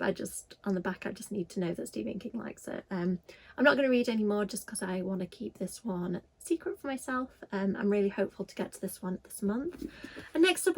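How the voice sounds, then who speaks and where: A woman's voice: mid-range voice, low-quality recording. Woman, Yorkshire accent, book vlogger, casual chat, enthusiastic, fillers. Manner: chatty and enthusiastic, with frequent ums.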